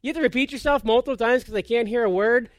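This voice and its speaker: A man with a fairly high voice delivers a relaxed, conversational sermon. He is an animated, self-deprecating storyteller who often stumbles and restarts mid-sentence. The sound is dry and close, with hardly any room echo. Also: quick pace. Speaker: pastor.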